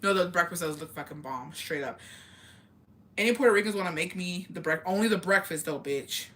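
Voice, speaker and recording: A woman's voice: lowish voice, expressive, brisk, a bit bright. Profane, chatty woman on a live stream. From Mexican heritage. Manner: blunt, profane, chatty, reads comments aloud. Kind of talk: casual live-stream chat.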